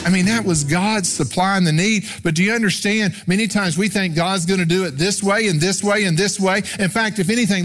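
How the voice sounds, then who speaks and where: A middle-aged man preaching a live sermon as pastor, animated, with swings from loud to quiet. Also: high-pitched, a little fast, few pauses, faint music behind. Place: church sanctuary.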